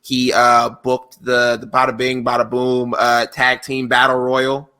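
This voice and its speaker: Podcast co-host: a man with a bright, mid-pitched voice, loose and profane, given to quick impressions. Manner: profane, animated, does quick impressions of others. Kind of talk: casual chat.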